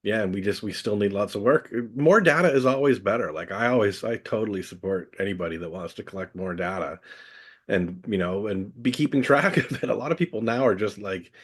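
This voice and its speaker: A man with a lowish voice talks casually as a podcast guest. He thinks out loud and leans on fillers while working toward his point. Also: brisk, slightly rough. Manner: thoughtful, many fillers like "I mean". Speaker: guest grower.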